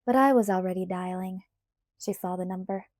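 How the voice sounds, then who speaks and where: A woman reading a novel aloud in the first person, with measured, even storytelling on a close mic. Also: lowish voice, no echo. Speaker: audiobook reader.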